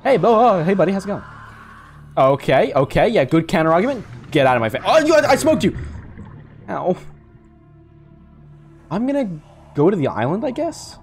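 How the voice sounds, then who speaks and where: Casting: young male gaming YouTuber, rambling jokey commentary, lively, slightly high voice, faint music behind. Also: normal speed, long pauses. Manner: jokey, rambling, swears and laughs. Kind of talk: casual gameplay commentary.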